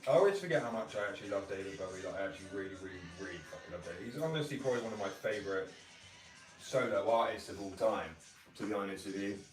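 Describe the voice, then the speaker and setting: A man in his 20s with a fairly low, lively voice talks fast, rambling through a casual chat full of opinions and swearing. He's in a workshop room, recorded from a distance in an echoey space with music behind him.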